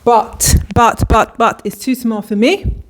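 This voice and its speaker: Speaking slowly in a steady, higher-leaning voice, a woman vlogger walks through a clothing try-on haul, casual, chatty and enthusiastic, and she often begins her sentences again.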